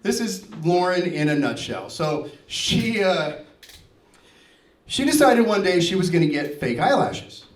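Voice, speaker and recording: A man in his fifties performing standup comedy, his voice pitched high and swinging widely as he plays the people in his stories. The sound is echoey, as if picked up from a distance in a large venue. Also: unhurried. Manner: animated storytelling, acting out family dialogue. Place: stage before a live audience.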